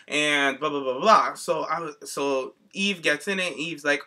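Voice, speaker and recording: A man co-hosting a podcast, telling a story in a sassy, animated casual chat. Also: fairly high pitch, moderate pace. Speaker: podcast co-host.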